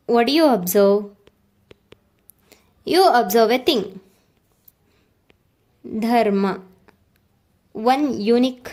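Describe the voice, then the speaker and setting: A woman teaching a language lesson, repeating words and checking in with "okay" and "right.". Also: fairly high pitch. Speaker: Kannada teacher. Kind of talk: slow explanatory lesson.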